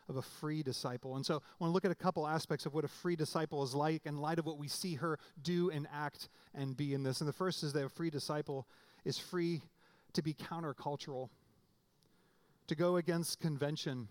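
A man with a somewhat high voice preaching a sermon in a relaxed, conversational way. He often restarts his phrases and then jumps up in pitch to stress a point. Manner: conversational preaching with restarts and sudden emphatic rises. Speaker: pastor.

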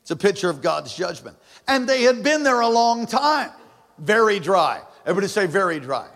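A man preaching a sermon as pastor, calling on the congregation to repeat after him, moving from hushed lows to shouted peaks. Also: sing-song, normal speed, creaky. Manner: call-and-response preaching, swings from hushed to shouting. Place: church sanctuary. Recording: long hall reverb.

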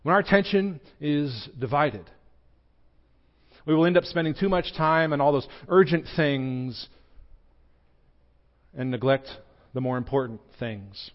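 A young adult man with a Southern American accent preaching a sermon, telling a personal story earnestly, with his voice rising and falling in pitch and loudness. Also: unhurried, long pauses, muffled recording. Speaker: pastor.

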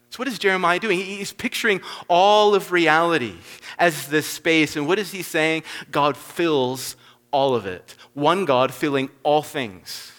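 A man delivering a sermon in a slightly raised voice. He drives his points home with loud stresses, then drops into soft, low asides. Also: unhurried, big-room sound. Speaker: preacher.

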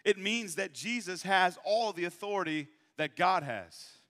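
A man from Michigan preaches with a bright, forceful tone and a slightly high pitch. He leans on rhetorical questions and slows right down to stress key lines. His voice rings out through a long reverb, as in a big church hall. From Michigan, USA. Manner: rhetorical questions, emphatic slowed repetition. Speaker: pastor. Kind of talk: sermon.

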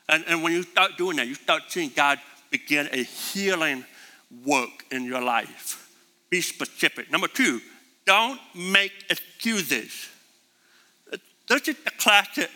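A man with a high, very bright and piercing voice preaches with emphasis, hammering home his points by repeating them. His words ring out with a long reverb, as in a big church hall. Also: lively intonation, unhurried. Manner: emphatic, repeats key phrases. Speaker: pastor. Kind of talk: sermon.

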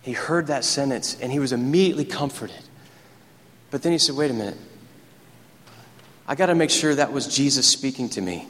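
A man preaching a sermon as pastor, telling stories with rising excitement. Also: medium pitch, a little fast, pauses often, big-room sound. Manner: animated, storytelling preacher who gets excited. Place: church sanctuary.

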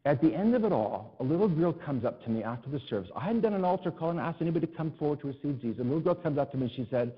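Animated male pastor in a reverberant hall. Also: a little high, racing, few pauses, husky, muffled recording. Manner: animated, self-deprecating, rising to exasperated cries. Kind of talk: storytelling sermon.

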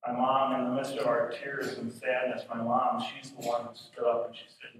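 A male pastor preaching a sermon, swinging from shouted fervor to hushed, intimate passages. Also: medium pitch, completely flat delivery, moderate pace, hardly any pauses, a little hiss or hum. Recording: roomy echo from a distant mic.

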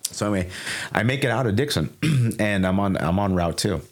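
Very deep voiced guy in his 40s rambling through a story, repeats himself a lot. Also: lively intonation, fairly quick. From Sauk Valley, Illinois. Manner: rambling, repeats words, acts out quotes. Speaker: podcast guest. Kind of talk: casual storytelling.

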